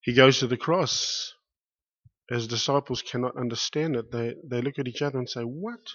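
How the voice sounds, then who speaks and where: A man preaching a sermon with passion, dropping to a hush and then rising loud, repeating his phrases for weight. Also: mid-range voice. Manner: impassioned, swings from hushed to loud, repeats phrases. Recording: muffled lo-fi recording.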